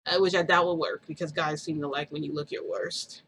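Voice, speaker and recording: A woman's voice: sits low, steady tone, a little fast, a bit bright, breathy edge, poor audio. A young woman vlogger casually telling a story in a chatty, giggly way, full of quoted dialogue.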